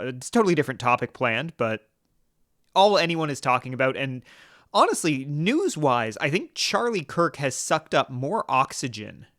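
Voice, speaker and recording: A man hosting a political podcast, talking in an earnest, halting way with many restarts and fillers. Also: fairly high pitch, a bit bright, no room sound, clean studio sound. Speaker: podcast host.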